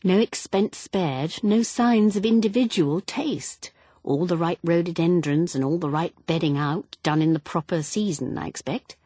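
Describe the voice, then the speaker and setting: A woman voicing a superstitious, gloomy young wife in an audiobook, speaking softly and earnestly. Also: fairly low pitch, moderate pace, slightly rough, no echo, pitched above the performer's own voice. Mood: wry. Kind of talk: audiobook character reading.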